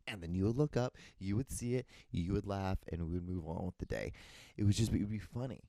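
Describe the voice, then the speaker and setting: A man's voice: low-pitched, brisk, vocal fry, dark tone, no room sound. A young man hosting a solo podcast, rambling in casual chat, swearing often and acting out quoted lines. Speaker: podcast host.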